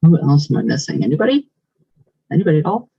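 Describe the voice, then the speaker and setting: A husky-voiced man talks in a rambling, gushing way, piling on thanks and affection as he reads comments aloud. His voice has a mid-range pitch. The recording is muffled and lo-fi, like a home setup. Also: sing-song, quick pace, warm tone. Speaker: vlogger. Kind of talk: casual vlog chat reading comments.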